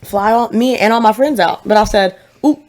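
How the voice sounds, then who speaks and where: Her mid-range voice is a little fast and a touch mellow as this twenty-something woman from Tennessee co-hosts a laid-back podcast. She's chatty and playful, with plenty of laughter.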